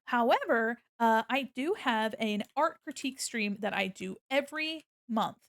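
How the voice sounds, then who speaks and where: A woman streamer in casual live-stream chat, playfully yelling mock insults at her chat between friendly thank-yous. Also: a little high, lively intonation, normal speed, no echo.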